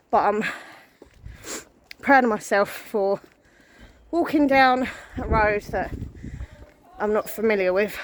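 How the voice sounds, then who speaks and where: Woman, 30s, out of breath, anxious, walking vlog, chatty, sighing, mid pitch, faint traffic behind, outdoors on phone mic. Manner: chatty, self-deprecating, breathy sighs. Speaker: vlogger. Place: outdoors on a residential street, walking.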